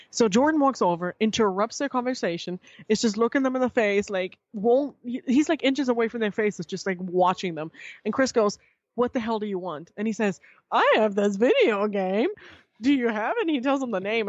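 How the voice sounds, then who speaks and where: A woman guest on a podcast, telling a story in casual chat, animated and swearing freely as she acts out what others said. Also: mid-range voice, no echo, highs cut off.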